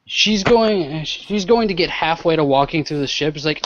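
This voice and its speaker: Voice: medium pitch, expressive, moderate pace, few pauses, no echo. A player in a tabletop game, talking in a friendly, easygoing way. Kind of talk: in-character tabletop play. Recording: dull lo-fi mic.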